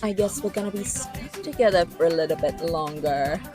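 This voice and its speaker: A woman's voice: fairly low pitch, moderate pace, music in the background, close to an everyday voice. A woman playing a lovestruck young prince. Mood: mock-earnest.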